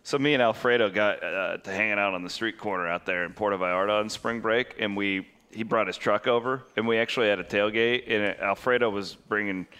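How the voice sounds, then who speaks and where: A man's voice: fairly low pitch, brisk, hardly any pauses, pushed and bright, smooth, in a large hall. A man hosting a podcast, chatting casually and telling rambling stories. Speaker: podcast host. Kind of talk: casual chat.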